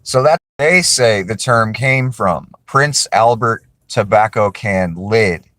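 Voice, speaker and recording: A man's voice: lowish voice, slow, fairly bright tone, dry recording. A man casually talking to camera, rambling and apologetic as he corrects himself. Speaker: video creator.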